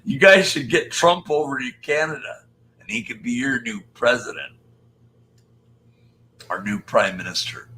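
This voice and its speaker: A man's voice: mid-range voice, unhurried, pauses often, bright, forceful tone, slight background noise, low-quality recording. An older man hosting a casual live stream, chatting and joking as he greets viewers by name. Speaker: live-stream host reading chat.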